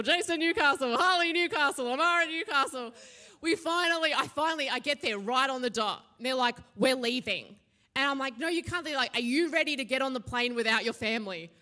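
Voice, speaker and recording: A woman, a pastor giving a sermon and telling a lively personal story. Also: high-pitched, brisk. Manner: animated storytelling, acts out her own shouting.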